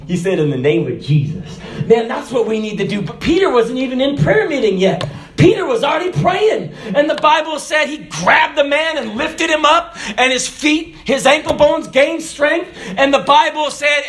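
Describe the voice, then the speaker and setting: A man preaching a sermon, animated, swinging from loud shouted peaks to soft low asides.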